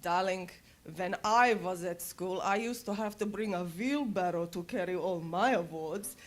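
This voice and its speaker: A woman voicing a middle-aged father with a thick Serbian accent, joking in a deadpan way. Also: high voice, unhurried. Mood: teasing. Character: teasing middle-aged father, dry humor.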